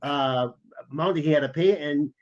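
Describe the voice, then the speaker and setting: Slightly high man on dull lo-fi audio. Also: normal speed. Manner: conversational, acts out quoted dialogue. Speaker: podcast co-host, former spy. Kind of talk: casual storytelling chat.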